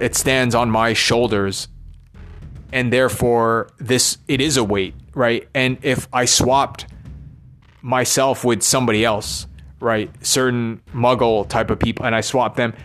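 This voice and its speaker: A man talking through his frustrations in a rambling personal monologue, weary and halting, with frequent swearing. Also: mid-range voice, fairly even intonation, fairly bright tone. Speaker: vlogger.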